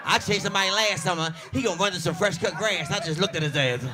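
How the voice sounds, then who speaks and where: A male stand-up comedian telling brash, profane stories with lively, playful shouts. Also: high-pitched, fast. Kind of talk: stand-up routine. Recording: noisy live venue with audience laughter.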